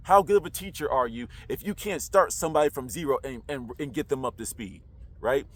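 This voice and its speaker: A man's voice: mid-range voice, fairly quick, a bit bright. A man talking casually to camera in a slangy, roundabout way, full of rhetorical questions. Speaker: online commentator.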